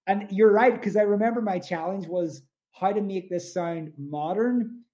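A man's voice: high-pitched, moderate pace, dark tone. A man with an Irish accent, a musician guest chatting casually in an interview, rambling with lots of "like" and "you know".

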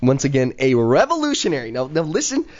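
A man's voice: medium pitch, wildly swooping pitch, a little fast, a little mellow. A man hosting a casual podcast chat, talking in an eager, motivational way with plenty of fillers. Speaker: podcast host. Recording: dull lo-fi recording.

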